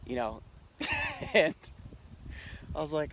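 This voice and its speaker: A man hosts his own casual video and tells a story straight to the camera. He sounds chatty and laughs often along the way. His voice sits at a middle pitch, and clear background noise runs under the recording. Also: wildly swooping pitch, slow, a bit bright, poor audio. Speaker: host.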